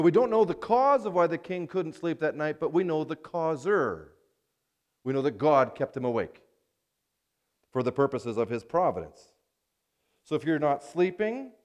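A man's voice: a little high, darkish tone. A man preaching a sermon, telling a scripture story emphatically, with playful asides.

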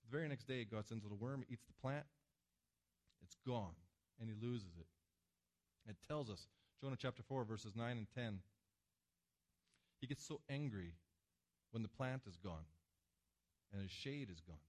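A man preaching a sermon to a congregation, with emphatic swings between loud passages and hushed ones. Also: fairly low pitch, normal speed, pauses often. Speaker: pastor. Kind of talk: sermon with slides.

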